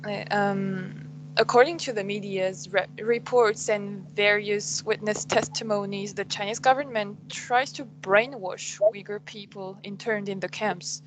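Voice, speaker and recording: A woman interviewer asking careful, hesitant questions, with pauses and fillers between her words. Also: medium pitch, fairly even intonation, rough recording.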